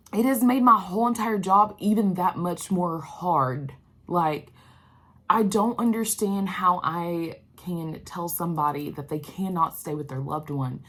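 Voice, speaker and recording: A young adult woman with a low voice, a healthcare worker, vlogs casually to the camera. She's candid and emotional, peppering her speech with fillers like "um" and "like."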